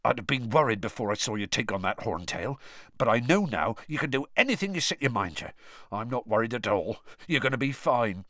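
Huge gruff gamekeeper, growling, kindly, lively swings, dry close sound, a man reading. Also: mid-range voice, a little fast, no echo. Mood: encouraging. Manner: growling, encouraging. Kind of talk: audiobook character voice.

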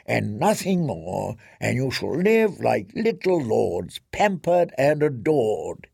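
A man doing a slow, wheedling slave nurse. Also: mid-range voice, big pitch swings, creaky, a little mellow, breathy edge, no echo, clean studio sound, full character voice. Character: oily male slave nurse, patronizing.

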